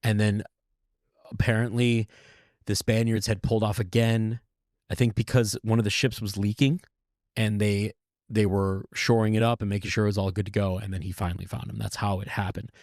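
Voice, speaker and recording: A man with a somewhat low voice tells a history story in a loose, conversational way, stopping to correct himself and now and then swearing. The sound is dry and close. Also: little pitch movement, a little fast, darkish tone, dry recording. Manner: rambling, self-correcting, conversational with occasional swearing. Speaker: podcast host.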